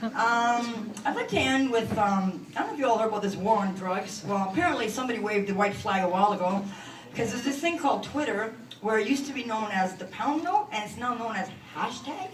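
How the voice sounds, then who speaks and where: A woman in her forties from Canada doing a stand-up comedy set in a club, delivering self-mocking punchlines in a deadpan way. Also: fairly high pitch, brisk, a little hiss or hum. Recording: echoey club from far off.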